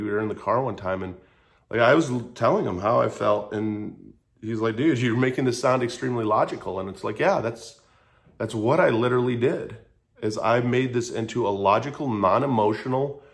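His voice is mid-range and creaky as this thirtysomething vlogger shares his story earnestly and casually. He curses without restraint and circles back over the same phrases.

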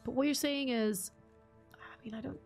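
A woman's voice: high voice, normal speed, gravelly, darkish tone, faint music behind. A woman streamer chatting casually while she plays, rambling through stories and laughing often. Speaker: game streamer. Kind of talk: casual live-stream chat while gaming.

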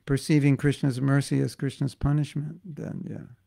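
A man's voice: medium pitch, little pitch movement, normal speed, creaky, mellow. A middle-aged man, a spiritual teacher, giving a devotional class in a casual, joking, conversational way.

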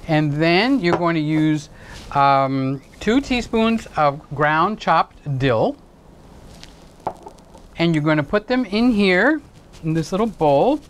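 Playful, sing-song home cooking host. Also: male voice, slow pace, a little hiss or hum, low-quality recording. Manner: playful, chatty, joking asides to viewers; swoops into high excited exclamations. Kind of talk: casual cooking demonstration to camera.

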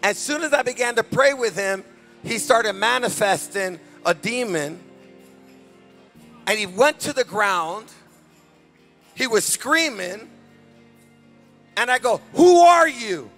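A man preaching a fervent deliverance sermon as pastor at a church service, shouting commands. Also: high voice, lively intonation, slow pace, pauses often, soft background music.

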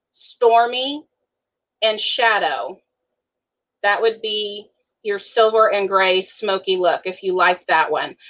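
A woman's voice: medium pitch, a bit bright, low-quality recording. A woman giving a casual live makeup tutorial over a video call, chatty and listing shade names one by one. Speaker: beauty director giving a makeup demo.

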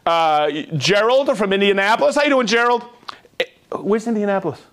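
An upbeat man hosts a live tool show and rattles off viewer names and hometowns. His voice sits high and swings widely in pitch. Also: expressive, fairly bright tone. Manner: upbeat, jokey, reads viewer names and places quickly. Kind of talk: live-stream shout-outs to viewers.

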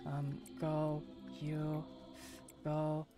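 A man's voice: fairly high pitch, monotone, drawn-out words, over music. A man commentating his own gameplay, tense and shaky, swearing often and repeating himself in frantic bursts. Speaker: gaming streamer.

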